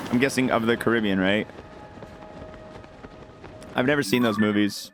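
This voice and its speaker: A man's voice: mid-range voice, normal speed, pauses often. Chatty young male streamer, noisy background. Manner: rambling, chatty, answers chat aloud. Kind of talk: casual live-stream chat while gaming. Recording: background noise with mouse clicks.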